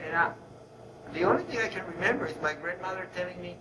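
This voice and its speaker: A man from Egypt giving a reflective lecture, halting and searching for words. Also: sits high. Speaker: guest lecturer. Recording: echoey room, far from mic, noisy.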